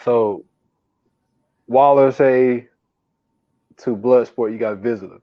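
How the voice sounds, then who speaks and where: A man's voice: medium pitch, slow pace, no echo. Slangy, laughing man on a dull, dry mic. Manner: laughs a lot, retells scenes in quoted voices, slangy. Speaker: podcast co-host. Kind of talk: casual chat.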